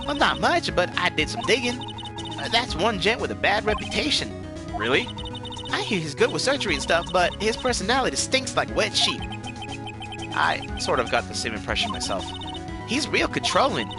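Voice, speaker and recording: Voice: mid-range voice, big pitch swings, normal speed, over music, pitched above the performer's own voice, natural voice. A streamer voicing a brash, nosy young country photographer with a put-on Southern accent, in a let's-play. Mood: gossipy. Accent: put-on American Southern. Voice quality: twangy, folksy.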